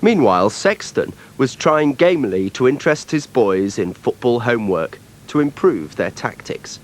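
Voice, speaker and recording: A man giving measured, wry scripted narration for a documentary. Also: medium pitch, sing-song. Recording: noticeable background noise.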